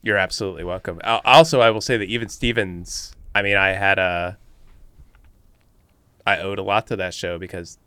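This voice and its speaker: A male podcast co-host chatting casually, teasing and joking, and he swears freely. His voice is lowish. It is recorded dry and close. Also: steady tone, normal speed, bright, forceful tone, clear, resonant tone, no room sound. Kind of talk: casual chat.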